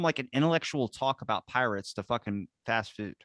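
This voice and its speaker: A man hosting a podcast, telling stories in an animated way and swearing freely in casual chat. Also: mid-range voice, a little fast, dry recording, studio quality. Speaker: podcast host.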